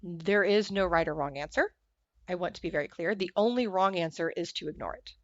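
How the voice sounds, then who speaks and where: A woman guest in a conversational interview who tells stories in an animated way and acts out the voices she quotes. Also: lowish voice, brisk, no room sound. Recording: dull lo-fi sound, dry.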